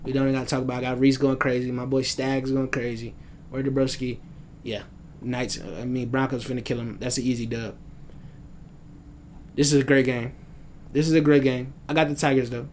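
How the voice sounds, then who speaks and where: A young man talking loose and slangy from his home, rambling on about his picks and calling himself out for it. His voice sits at an ordinary middle pitch, with a faint hum of room ambience underneath. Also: little pitch movement, fairly quick, long pauses, darkish tone. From United States. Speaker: sports vlogger. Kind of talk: casual rambling sports predictions.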